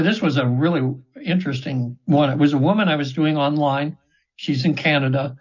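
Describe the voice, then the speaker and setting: A man's voice: a little high, husky. A man in his seventies, a guest in an interview, telling stories earnestly and ramblingly with many restarts. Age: 70s. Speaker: interview guest, trance session practitioner. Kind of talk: casual storytelling in an interview. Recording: dull, slightly lo-fi audio.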